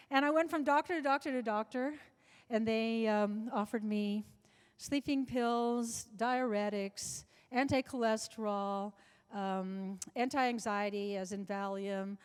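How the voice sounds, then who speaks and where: An older woman, in her seventies, spins rambling anecdotes as an interview guest and keeps circling back and restarting her sentences. Her voice sits a little high for a woman, and it carries a long reverb from a large hall. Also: slow, clean tone. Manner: chatty anecdotal storyteller with many restarts. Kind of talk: storytelling in a live interview. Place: large club function room before an audience.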